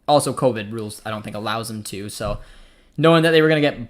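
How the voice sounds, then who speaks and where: A man's voice: lowish voice, quick pace. A young man from Canada with a Canadian accent, hosting a live football watchalong, chatting casually, reading the chat aloud and reacting to the match. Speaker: watchalong host.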